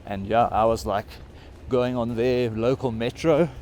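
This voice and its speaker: A man's voice: medium pitch, steady tone, a little slow, a little mellow, slight background noise. Breathless South African man vlogging on a hike. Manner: rambling, loose, lots of fillers. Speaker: travel vlogger. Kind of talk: casual vlog chat while hiking. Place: outdoors on a high mountain trail.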